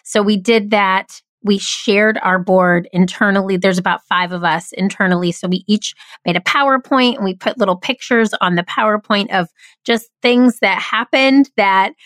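A woman's voice: mid-range voice, moderate pace, a bit bright, no room sound. A woman hosting a podcast, chatting enthusiastically with frequent restarts. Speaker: podcast host. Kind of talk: casual podcast chat.

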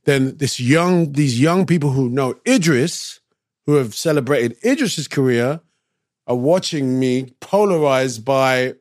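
A man talks as a guest in a relaxed interview, spinning a story and slipping into the voices of the people in it. His voice sits at a middle pitch. The sound is dry and close, with no room around it. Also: measured pace, no echo. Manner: animated storyteller who acts out other people's lines. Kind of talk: casual storytelling chat.

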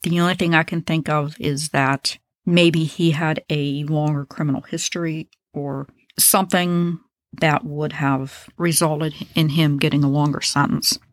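A woman's voice: sits low, fairly even intonation, unhurried, no room sound. A woman hosting a true crime podcast, telling a case in a casual, blunt, opinionated way with profane asides.

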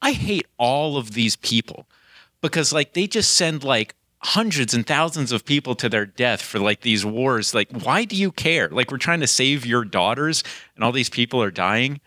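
A man hosting a casual movie chat, animated and prone to tangents, laughing often. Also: medium pitch, moderate pace, no echo, clean studio sound.

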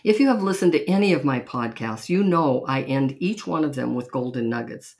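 Middle-aged podcast host, intimate storyteller with mid-range pitch and occasional chuckles. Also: lively intonation, brisk, a little mellow. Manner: chatty, intimate, laughs between anecdotes. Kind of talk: personal storytelling.

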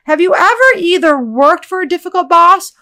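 Middle-aged woman cohosting a podcast, high voice, gets emphatic, laughs a lot. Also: normal speed. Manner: emphatic and animated, laughs easily. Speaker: podcast co-host. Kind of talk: casual podcast chat.

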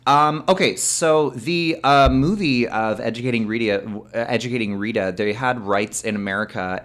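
Brief: male film podcast co-host from Canada, casual and animated, laughs a lot. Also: lowish voice. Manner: animated, laughs often, puts on silly voices. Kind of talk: casual chat.

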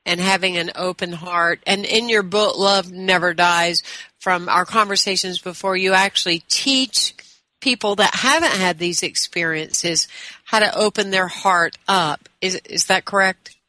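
A woman's voice: on the low side, a little slow, sharp tone, dry recording. A woman hosting an interview, engaged and repeating words as she starts her sentences. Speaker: interview host. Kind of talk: conversational interview.

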